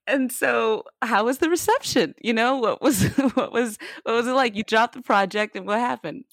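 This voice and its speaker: A woman hosting a casual interview, asking halting questions full of fillers and laughing often. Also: on the high side, lively intonation, no echo, studio quality. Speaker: interview host.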